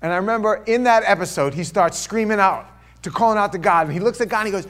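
A man in his fifties preaching a sermon in an animated way, acting out voices and asides. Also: high voice, fast. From Florida. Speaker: pastor.

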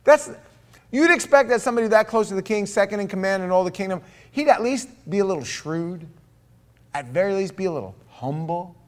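A man in his fifties preaching a sermon in an animated way, acting out voices and asides. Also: high-pitched, brisk. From Florida. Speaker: pastor.

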